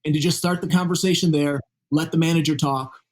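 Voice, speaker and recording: A man's voice: on the high side, steady tone, a little fast. A man being interviewed as a guest author, explaining his views in an earnest, conversational way.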